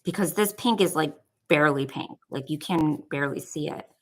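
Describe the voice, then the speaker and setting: A young woman from Buffalo, New York, with a Buffalo accent, rambles casually through a crafting tutorial in a deep voice at normal speed. This craft vlogger is chatty and says "like" a lot, and the recording quality is low.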